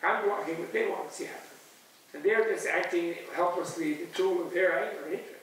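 A high-pitched, brisk man gives the closing talk of a retreat as a spiritual teacher, his discursive lecture lively and full of digressions, chuckles, and impressions of other people's voices. The sound is echoey and distant, recorded in a large retreat-center hall with faint hiss.

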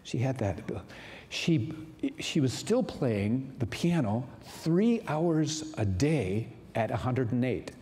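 A man delivers a sermon in an earnest, unhurried way, often pausing on fillers. His voice is mellow and soft-edged. It carries through a large hall with a long reverb tail. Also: mid-range voice, big pitch swings. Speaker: pastor. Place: large church sanctuary.

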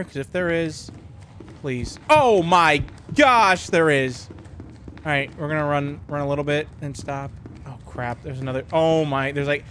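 High-voiced young man panicking through a game. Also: fairly bright tone, a little hiss or hum. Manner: panicky, repeats words rapidly when scared. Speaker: gaming YouTuber. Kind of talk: horror game commentary.

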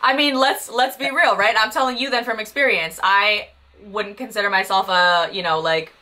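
A woman's voice: medium pitch, moderate pace, pushed and bright. A woman co-hosting a podcast, chiming in casually with reactions and frank opinions. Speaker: podcast co-host. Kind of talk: casual chat.

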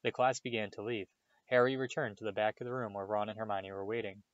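A man reading a novel aloud in a steady storytelling manner, giving the characters voices. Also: on the low side, quick pace, dry recording, lo-fi sound. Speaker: reader.

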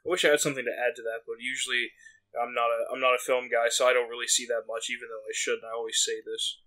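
Laid-back man with a bright voice. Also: medium pitch, level tone, fast talker, poor audio. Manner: laid-back, brief replies. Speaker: podcast co-host. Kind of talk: casual chat.

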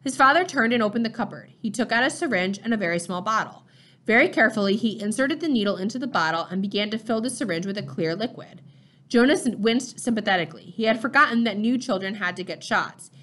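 A woman narrating a novel chapter in a steady, measured storytelling voice. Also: on the high side. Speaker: audiobook reader.

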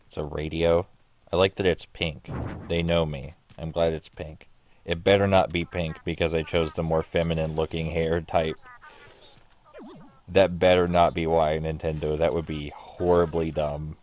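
A man's voice: a bass voice, little pitch movement, moderate pace, a little mellow, a little hiss or hum. A man casually commentating while playing a video game, rambling, sarcastic and swearing offhandedly. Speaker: gaming streamer. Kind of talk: casual let's play commentary.

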